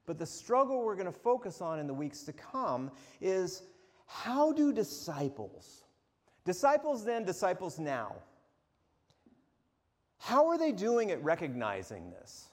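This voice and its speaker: A man preaching a sermon as pastor, animated and often restarting or repeating words as he goes. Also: high-pitched, slow pace. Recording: long hall reverb.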